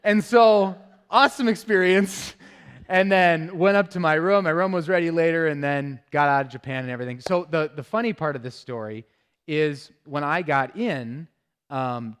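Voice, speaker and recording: Animated man telling a funny story. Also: on the high side, normal speed, smooth. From Minnesota. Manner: animated, self-deprecating, laughs while telling. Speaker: guest church speaker, Army veteran. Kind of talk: humorous storytelling talk.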